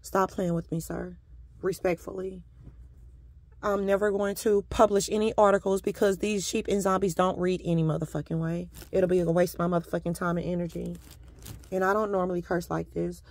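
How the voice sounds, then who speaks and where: A woman's voice: on the low side, level tone, a little fast, darkish tone, no room sound. A woman delivering a combative, profane monologue to camera, with sarcastic politeness throughout. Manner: repeatedly addresses a listener as "sir". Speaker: vlogger.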